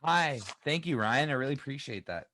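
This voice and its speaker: A man's voice: medium pitch, lively intonation, fairly quick, sharp tone. A man co-hosting a casual band interview, asking questions in a loose, chatty way with lots of fillers. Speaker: co-host interviewer.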